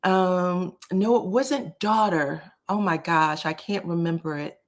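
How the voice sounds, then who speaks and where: A woman's voice: lowish voice, slow pace. Chatty woman talking to her live chat. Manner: animated, chatty, addresses the chat directly. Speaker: livestream commentator. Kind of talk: casual live-stream commentary.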